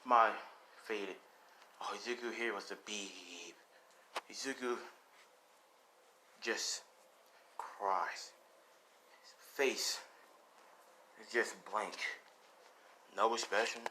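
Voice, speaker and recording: A man's voice: fairly low pitch, extremely slow, long pauses, background noise. A man casually improvising a fan story, rambling with many fillers and sighs.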